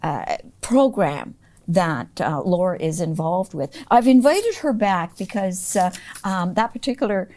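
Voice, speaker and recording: A woman's voice: on the low side, animated, measured pace, darkish tone. A woman with a Canadian accent hosting a local community TV interview, friendly and hesitant, with many fillers. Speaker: host.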